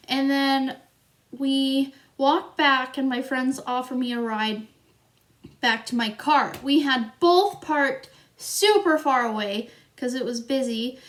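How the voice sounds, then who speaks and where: A young woman telling a story in a vlog, chatty and rambling, with frequent fillers and giggles. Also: on the high side. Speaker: vlogger.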